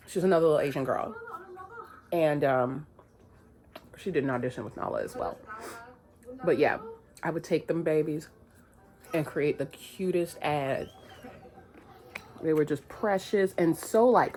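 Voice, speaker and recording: Casual woman vlogger with a lowish voice, animated and chatty, talks with her mouth full at times. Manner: chatty and animated, laughs often; eating while talking. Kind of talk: casual vlog chat.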